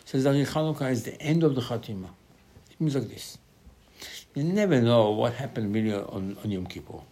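A man giving a Torah class sermon, animated, asking and answering his own questions, with sudden loud emphasis on key lines. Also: mid-range voice, normal speed, a little hiss or hum. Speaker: Torah teacher.

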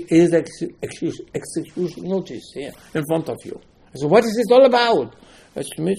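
Gravelly emphatic male rabbi. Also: medium pitch, dark tone. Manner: emphatic, rhetorical questions, acts out dialogue. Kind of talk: Torah lecture.

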